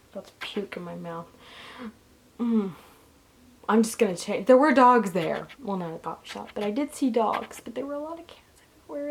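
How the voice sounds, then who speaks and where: A young woman vlogging casually, rambling and self-deprecating, often jumping into a high squeaky voice for jokes. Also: slight background noise. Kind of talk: casual vlog monologue.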